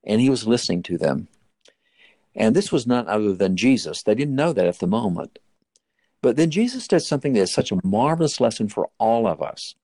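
A man with a low, gravelly voice retells a scripture story in a sermon. He tells it earnestly, and his pitch jumps high whenever the story turns dramatic. The sound is close and dry, with no room echo. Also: big pitch swings, a little fast, dark tone. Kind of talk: sermon-style Bible storytelling.

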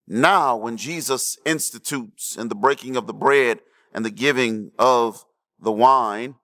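A man preaching a sermon, checking in with the congregation and swinging between hushed low lines and raised emphatic ones. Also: unhurried. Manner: preaching with call-and-response asides to the congregation. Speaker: pastor.

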